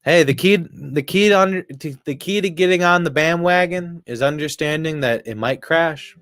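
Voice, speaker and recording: Swearing often and laughing while he talks, a sports streamer rambles his way through casual live baseball commentary. His voice is a little high and fairly bright, smooth and moderately paced, recorded without room sound.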